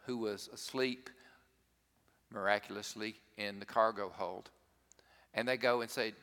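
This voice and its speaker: A man's voice: medium pitch, fairly bright tone. A man preaching a sermon as a pastor, in a folksy, conversational way, with asides to the congregation. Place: church sanctuary. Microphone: worship service broadcast mic. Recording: church sanctuary with long reverb.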